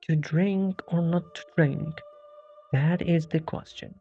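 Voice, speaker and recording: A sarcastic, bewildered male horror hero, as the narrator puts him on, firing off self-mocking quips in a game parody. Each joke lands with a wry, jittery edge. The sound is dull and lo-fi, with soft music underneath. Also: medium pitch, fairly even intonation, takes it slowly. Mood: flustered.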